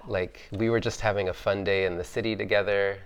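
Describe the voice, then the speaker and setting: A man's voice: lowish voice, little pitch movement, a little fast, clear, resonant tone. A man on an artist panel, telling stories about his early influences in a thoughtful, chatty way, with lots of fillers and easy laughter. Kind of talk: reflective conversational storytelling.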